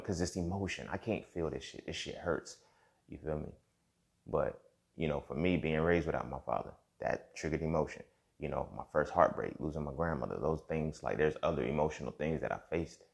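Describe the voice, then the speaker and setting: Speaking in a bass voice with vocal fry, a young man hosts a podcast. He muses in a relaxed, conversational monologue, repeating himself and often asking "you feel me."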